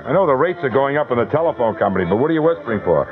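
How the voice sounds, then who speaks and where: A man hosting a live radio call-in contest, brisk and wisecracking as he fields callers one after another. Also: medium pitch, expressive, music in the background. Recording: tinny, narrowband old radio broadcast.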